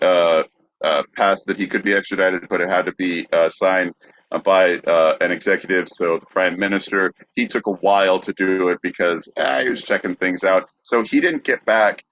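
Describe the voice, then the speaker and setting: A man hosting a podcast, recounting a true crime story in a halting way with many fillers. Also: deep voice, steady tone, a bit bright, muffled recording. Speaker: podcast host.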